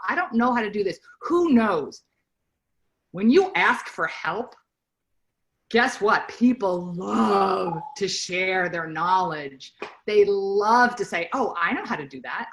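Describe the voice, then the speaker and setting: A woman's voice: mid-range voice, rough recording. A middle-aged woman giving a casual training talk to her sales team, chatty and full of stories and asides. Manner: chatty, animated storytelling with asides.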